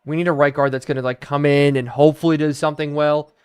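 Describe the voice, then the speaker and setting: A man's voice: fairly high pitch, flat delivery, quick pace, darkish tone, clear, resonant tone. A young man live-streaming a video game, chatting to viewers and thinking aloud as he plays.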